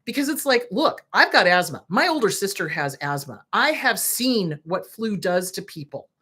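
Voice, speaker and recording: A woman host talks straight to her listeners in blunt, indignant commentary, her pitch rising and falling in lively swings. Her voice sits at an ordinary middle height, and she does not shy away from swearing. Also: moderate pace, slightly rough. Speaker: host, therapist. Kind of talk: direct-to-camera commentary.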